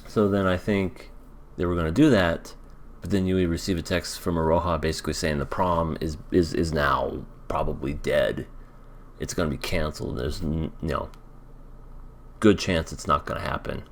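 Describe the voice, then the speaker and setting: A man's voice: rumbling low, steady tone, moderate pace, a little hiss or hum. A man recapping an anime episode in a casual, rambling way, hedging often as he thinks aloud. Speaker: anime reaction vlogger.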